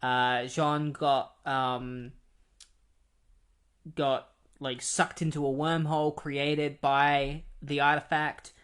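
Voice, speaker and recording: A man's voice: on the high side, level tone, takes it slowly, fairly bright tone, clear, resonant tone. A man casually recapping a comic book plot, rambling with many fillers. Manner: rambling, many ums and likes. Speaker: comic book retrospective host.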